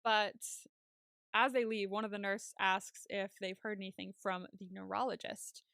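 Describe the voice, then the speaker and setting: A woman co-hosting a podcast, recapping a TV episode in casual chat, chatty and quick to laugh, with some casual swearing. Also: medium pitch, fairly even intonation, gravelly, a bit bright, dry recording, clean studio sound. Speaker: podcast co-host.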